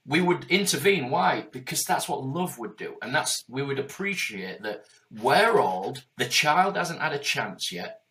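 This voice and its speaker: A man's voice: mid-range voice, sing-song, unhurried, few pauses, pushed and bright. A man in his forties speaking in a passionate, emphatic and heavily profane conversational way as a guest. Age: 40s.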